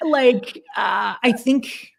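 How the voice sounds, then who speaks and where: Emphatic, animated woman in her forties. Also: on the high side, very slow, vocal fry. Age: 40s. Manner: animated, emphatic, many fillers and restarts. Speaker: podcast guest, author. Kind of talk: casual conversational interview.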